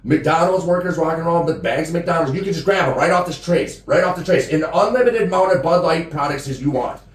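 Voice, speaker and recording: A man's voice: on the high side, fast talker. A man co-hosting a podcast, telling a long story in a rambling, profane way and saying "dude" constantly. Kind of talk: casual storytelling among friends. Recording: roomy echo, far from mic, faint background noise.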